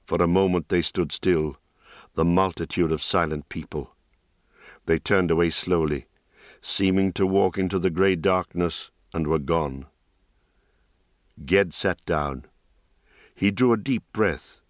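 Deep slow-voiced male storyteller. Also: no echo, clean studio sound. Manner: calm, steady storytelling. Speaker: audiobook narrator. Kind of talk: scripted narration.

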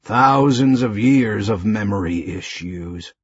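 A man voicing a brutal male killer who claims to be an inhuman beast, talking low, slow and cold. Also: slightly rough, no room sound, muffled recording.

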